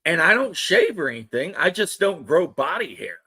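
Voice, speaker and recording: His voice is a little high and slightly rough, bright and forceful, with big pitch swings at a moderate pace. He's a livestream host in his thirties, chatting casually and joking with viewers in loose, rambling banter.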